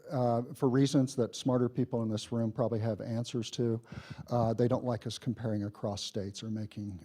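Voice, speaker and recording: A man with a mellow, soft-edged voice leads a health board meeting and hands off to the next speaker. He hesitates often, with many uh and um sounds, in a meeting room. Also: on the low side. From Nevada. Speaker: meeting moderator. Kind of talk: presenting and moderating at a board meeting.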